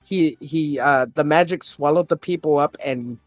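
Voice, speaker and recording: A man's voice: on the high side, moderate pace, no room sound, faint music behind. A man on a podcast, casually telling a story, swearing often and getting worked up as he retells an argument. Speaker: podcast host. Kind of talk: casual chat.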